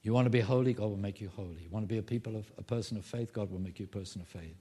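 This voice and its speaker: A man preaching a sermon as pastor, emphatic, rising loud on key phrases and dropping low to make a point. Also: very fast, breathy edge.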